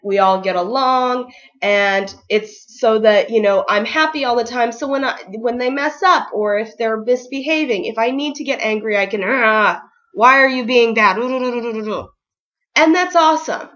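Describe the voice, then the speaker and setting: A woman's voice: fairly high pitch, moderate pace, fairly bright tone, dull audio. A young woman teacher giving casual, upbeat advice in a vlog, full of ums and likes. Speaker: ESL kindergarten teacher.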